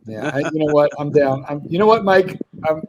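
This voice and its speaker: A man's voice: a little high, brisk, heavy background noise. A man hosting a livestream, teasing and bawdy in casual banter. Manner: teasing, bawdy, laughs a lot. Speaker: livestream host.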